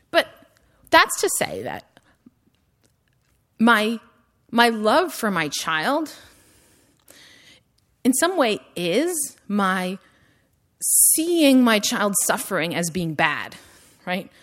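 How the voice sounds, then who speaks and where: A woman's voice: medium pitch, fairly bright tone. A woman giving a university lecture in a conversational style, full of "like" and "right?" tags and rising emphasis on her questions.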